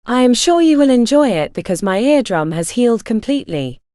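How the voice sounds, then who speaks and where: A woman narrating a literary story in the first person, in a measured storytelling manner. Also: fairly high pitch, very animated, warm tone, no room sound, clean studio sound.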